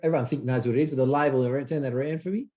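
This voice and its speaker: Australian man, podcast host, casual interview, relaxed, encouraging, middle pitch. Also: very fast.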